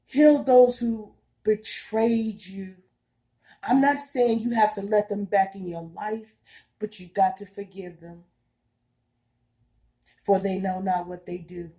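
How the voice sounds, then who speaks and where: A woman speaks straight to her viewers about spiritual growth in a casual, heartfelt way. She talks slowly, leaning on repetition for emphasis, and her voice has a dark, mellow tone. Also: medium pitch, fairly even intonation. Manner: earnest and emphatic, repeats herself, casual colloquial speech. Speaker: spiritual vlogger.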